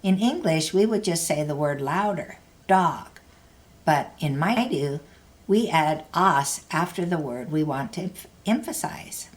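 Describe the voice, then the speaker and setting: A woman teaching a language lesson, explaining grammar carefully in a scripted narration. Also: low voice.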